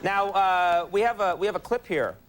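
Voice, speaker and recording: A man's voice: high voice, lively intonation, normal speed, very noisy. A man hosting a late-night talk show, interviewing a guest with wry, teasing remarks.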